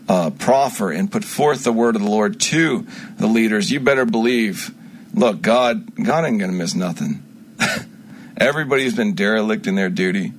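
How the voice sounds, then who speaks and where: Rambling low-voiced man on the radio. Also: a little hiss or hum. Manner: rambling, with many restarts and swings from loud to quiet. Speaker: self-styled prophet on a radio station. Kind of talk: unscripted radio monologue.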